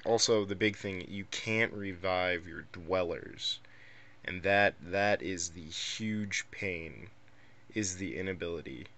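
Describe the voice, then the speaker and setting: A young man talks through his mobile game in a casual, rambling way, filling the gaps with ums and uhs. His voice sits fairly low, with a bright, forward edge to the tone. The delivery stays flat and monotone. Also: slight background noise. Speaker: gameplay video creator. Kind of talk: casual gameplay commentary.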